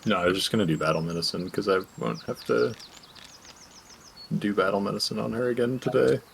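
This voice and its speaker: A man's voice: on the low side, brisk, creaky, a little hiss or hum. A man talking casually as a player at a tabletop game, with a dry, sarcastic way of speaking.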